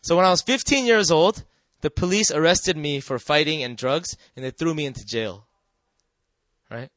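A man giving a personal testimony to an audience, telling his story earnestly and often checking in with the listeners, sometimes dropping soft and quiet. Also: a little high, normal speed, dry recording. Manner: earnest and emotional, drops soft and quiet at tender moments. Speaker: speaker sharing a personal testimony.

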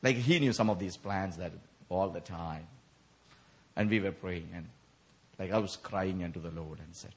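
A man's voice: deep voice, moderate pace, slight background noise. A man preaching a sermon in a church, telling his story with emotion, laughs and sudden outbursts. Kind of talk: sermon at a prayer meeting.

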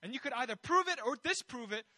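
A man's voice: extremely high pitch, animated, quick pace, pushed and bright, no room sound, poor audio. A man preaching a sermon in a conversational way, building his points with rhetorical questions and bold emphasis.

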